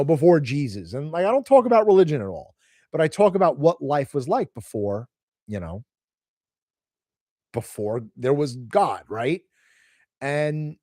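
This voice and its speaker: A man's voice: medium pitch, dark tone, dry recording, clean studio sound. A man hosting a casual live stream from home, telling rambling stories and reading out viewer comments. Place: home, moving house.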